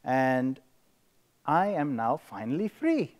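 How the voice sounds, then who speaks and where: A man's voice: medium pitch, very animated, slow pace, a little mellow. A man doing a sly old genie.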